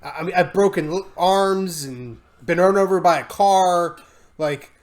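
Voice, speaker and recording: A man co-hosting a casual podcast, telling animated stories and acting out his own yelling. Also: high voice, measured pace. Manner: animated storyteller who acts out yelling. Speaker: podcast co-host.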